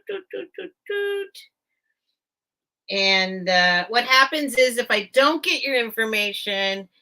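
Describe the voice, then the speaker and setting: A woman's voice: medium pitch, sharp tone. A woman hosting a casual live vintage sale from home, chatting and thinking aloud straight to her viewers. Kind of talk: casual live-stream selling chat.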